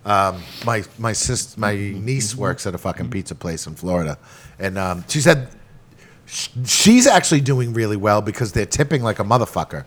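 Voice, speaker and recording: A man who runs a bar swears his way through a loose, rowdy chat with friends. He rants loudly and jokes constantly. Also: on the low side, expressive, moderate pace. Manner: profane, loud joking rants. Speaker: bar owner. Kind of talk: casual chat.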